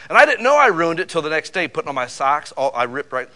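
Guy preaching a sermon, bright slightly high voice, folksy storytelling, keeps asking the crowd questions. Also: fast. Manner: animated storytelling with rhetorical questions; folksy, conversational, uses "man" and "you know". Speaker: pastor.

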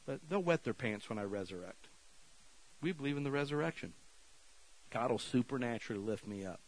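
A male pastor preaching to a church congregation in a folksy, down-to-earth way. His voice swings widely in pitch, climbing high and loud when he urges people on and dropping low and soft when he prays. The talk stays conversational, with plain, casual phrasing. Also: poor audio. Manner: animated, rising to shouted exhortations, then quiet prayer. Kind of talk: sermon. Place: church sanctuary.

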